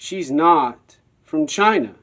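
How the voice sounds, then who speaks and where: Rambling man with a slightly high voice. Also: expressive, slow pace, a bit bright, a little hiss or hum. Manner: rambling, repetitive storytelling. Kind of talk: personal monologue.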